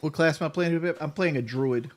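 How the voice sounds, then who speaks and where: Laid-back male game streamer. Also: a little high. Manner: relaxed and chatty, with loose restarts and quick laughs. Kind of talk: casual gaming chat.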